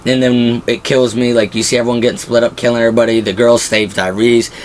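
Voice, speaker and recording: Excitable man recapping a show. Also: medium pitch, quick pace, slight background noise. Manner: excitable, acts out quotes from the show. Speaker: video host. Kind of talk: casual TV episode recap.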